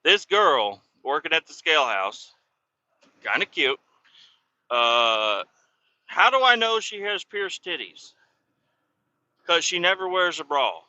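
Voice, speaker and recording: In a truck cab on a snowy road, a man vlogs as he drives, rambling through a profane story with constant swearing and casual irritation. His voice is fairly high and sing-song, pushed and bright, and he speaks slowly with frequent pauses. The recording is dry and lo-fi.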